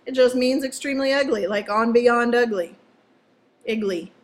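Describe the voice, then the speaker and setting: A woman's voice: on the high side, normal speed. A woman teaching a vocabulary lesson to students in a playful, chatty way, joking as she goes. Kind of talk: casual classroom vocabulary lesson.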